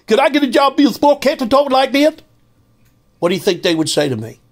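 A man putting on a mocking, loud and excitable impression of a male sportscaster. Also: heavily acted. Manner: fast, high, shouty caricature.

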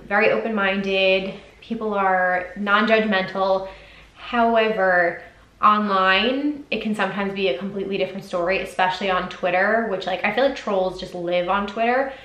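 A woman's voice: mid-range voice, a bit bright. A woman hosting a solo podcast, talking candidly and casually, with lots of "like" and frequent swearing. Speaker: podcast host. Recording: echoey room.

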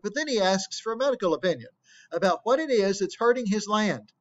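High-voiced man explaining a play. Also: animated, brisk. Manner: plain, explanatory, asks rhetorical questions. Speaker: teacher. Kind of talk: explaining a play and reading quotes aloud. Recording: dull lo-fi recording.

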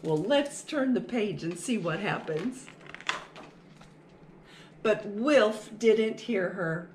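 A woman's voice: medium pitch, animated, slow pace, darkish tone, reverberant, slight background noise. A woman reading a picture book aloud to children, sing-song and asking them questions. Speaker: children's storytime reader.

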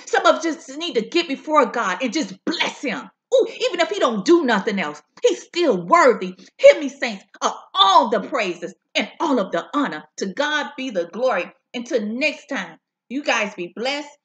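A woman with a high voice preaches prophecy at home, fervent and swooping. She hammers points by repeating lines and lets soulful "ooh" and "mm" sounds stretch long.

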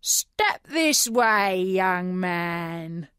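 Growly shifty sailor guy from a storybook, lady putting it on, slow and dry. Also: on the low side, expressive, fairly bright tone, clear, resonant tone, dry recording, exaggerated voice. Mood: gruff, shifty. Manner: growling, curt. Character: gruff, shifty man recruiting boys to sea.

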